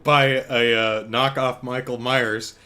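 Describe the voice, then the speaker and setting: A man's voice: mid-range voice, little pitch movement, takes it slowly, bright, forceful tone. A man hosting a casual solo podcast from home, telling stories in a wry, chuckling way with lots of restarts. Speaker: podcast host. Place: home, apartment.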